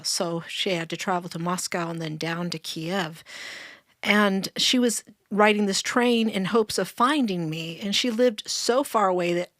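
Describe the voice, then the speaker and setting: A middle-aged woman telling her story in a casual chat, earnest and warm, laughing often. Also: medium pitch, no echo, studio quality. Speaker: storyteller guest.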